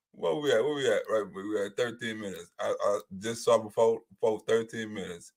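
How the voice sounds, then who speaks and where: A man's voice: on the low side, normal speed, a little mellow. A man hosting a casual video commentary, talking animatedly, swearing and often tagging his lines with "right?". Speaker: commentary host.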